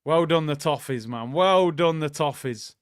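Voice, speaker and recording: A man hosting a live football watchalong, chatting to viewers with excitable reactions and bursts of shouting. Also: a little high, a little slow, smooth, no echo, clean studio sound. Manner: chatty, addresses viewers as "people".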